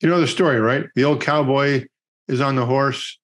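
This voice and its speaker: A man's voice: mid-range voice, steady tone, moderate pace, fairly bright tone. A middle-aged man co-hosting a podcast, chatting casually and telling long rambling anecdotes. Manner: rambling anecdotal storyteller with many fillers. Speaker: podcast co-host. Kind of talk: casual chat and storytelling.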